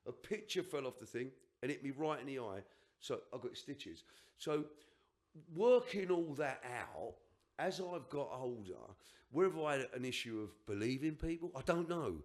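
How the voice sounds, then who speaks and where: A man's voice: medium pitch, lively intonation, normal speed, darkish tone. An older man on a podcast, telling a personal story in an emphatic, rambling way with restarts and asides. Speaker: podcast guest.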